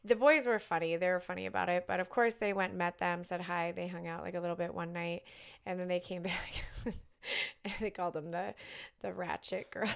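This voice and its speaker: A middle-aged woman co-hosting a podcast, telling a story in casual chat, lively and acting out the people she quotes. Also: fairly low pitch, a little fast, gravelly, smooth. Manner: animated storyteller, acts out quotes, swears casually. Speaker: podcast co-host.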